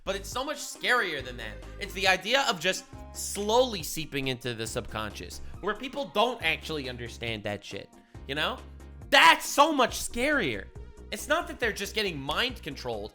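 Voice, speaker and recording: Bright, animated young man ranting. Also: fairly high pitch. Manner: loud, swearing, ranting with big swings in loudness. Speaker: reaction streamer. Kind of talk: casual reaction commentary.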